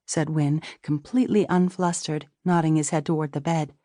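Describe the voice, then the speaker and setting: Mellow-voiced woman narrating an audiobook. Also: deep voice, fairly even intonation, dry recording, clean studio sound. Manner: measured storytelling. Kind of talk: first-person scripted narration.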